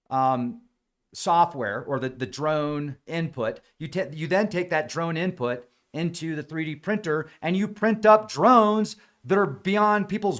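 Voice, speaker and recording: A podcast host rambles through a casual monologue with a slightly higher-than-average voice. He's sarcastic and keeps slipping into mocking impressions of gullible people, and his mouth sounds a bit dry up at altitude. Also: a bit bright. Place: high elevation in the mountains.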